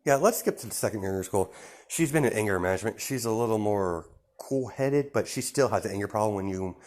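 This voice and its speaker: A man improvising a fan story aloud, rambling and correcting himself as he goes. His voice sits on the low side. The telling is loose and casual, full of fillers. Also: lively intonation, fast talker, a little mellow.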